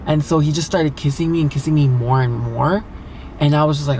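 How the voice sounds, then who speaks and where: A man's voice: fairly high pitch, moderate pace, darkish tone, slight background noise. Chatty young man telling a storytime. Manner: chatty, candid, heavy filler "like" and swearing. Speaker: vlogger. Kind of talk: casual storytime monologue.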